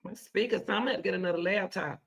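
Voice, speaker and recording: A woman hosting casual reaction commentary, excitable and chatty, repeating herself often. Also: medium pitch, fast, gravelly. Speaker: commentary host.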